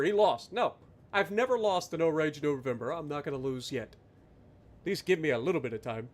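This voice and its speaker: A high-pitched man streaming live gameplay. He rants loudly and with exasperation at his teammates, then drops into dry, sarcastic play-by-play. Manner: loud, exasperated ranting with sarcastic asides.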